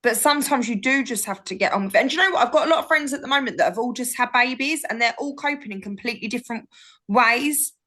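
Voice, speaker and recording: A woman's voice: fairly high pitch, quick pace, sharp tone. A woman, chatting casually as a podcast guest and telling stories animatedly. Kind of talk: casual chat.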